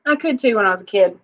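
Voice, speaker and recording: A woman's voice: fairly high pitch, pushed and bright, lo-fi sound. A woman co-hosting a casual live-stream jewelry auction, chatting and laughing as she reads viewers' comments. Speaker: online auction co-host.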